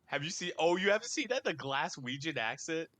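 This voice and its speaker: A man's voice: on the high side, sing-song, brisk, fairly bright tone. A man co-hosting a podcast in casual chat, telling stories animatedly and mimicking people. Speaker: podcast co-host.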